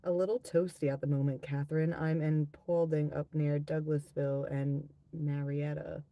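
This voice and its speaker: A woman's voice: deep voice, level tone, normal speed, no room sound, dull audio. A woman hosting a live tarot-reading stream, chatting casually with viewers, reading out their comments and swearing freely.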